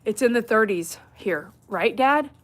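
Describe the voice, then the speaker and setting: A woman's voice: a little high, animated, unhurried. Chatty woman vlogging with her dogs. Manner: chatty, talks to her dogs, laughs often. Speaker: dog groomer and vlogger. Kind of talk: casual vlog chat. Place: home and backyard in winter.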